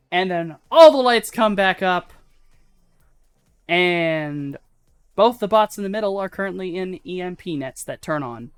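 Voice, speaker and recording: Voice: medium pitch, expressive, measured pace, clean tone, no room sound, soft background music. Swearing casual game master. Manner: casual, swearing, filler-heavy narration. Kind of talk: narrating a live tabletop game.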